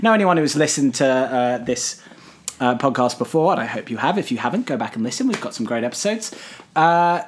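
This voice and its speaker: A man's voice: mid-range voice, expressive, a little fast, a little hiss or hum. A man co-hosting a podcast who teases his partner dryly and laughs often between points. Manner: dry teasing, laughs easily. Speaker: podcast co-host. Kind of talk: casual podcast chat.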